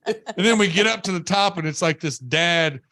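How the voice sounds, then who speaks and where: A man hosting a podcast, telling a story in an animated, exaggerated way and wrapping up the show casually. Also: high voice, moderate pace, no room sound. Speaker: podcast host.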